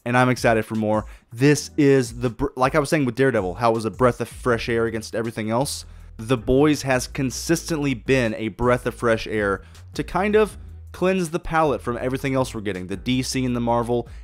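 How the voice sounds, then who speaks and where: With soft music playing behind him, a man running a one-person podcast speaks a little fast in a mid-range voice. He's enthusiastic and casual, cursing heavily and often starting his thoughts over.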